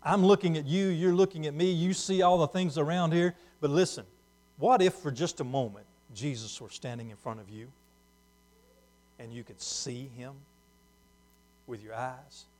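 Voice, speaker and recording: A man preaching a sermon, moving between hushed, slow passages and loud, emphatic ones. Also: fairly high pitch.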